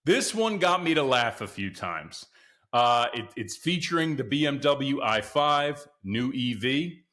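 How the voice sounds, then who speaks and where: Excitable man hosting a casual podcast. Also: mid-range voice, a little slow. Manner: excitable, chatty, often addresses listeners as guys. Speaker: podcast host. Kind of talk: casual solo commentary.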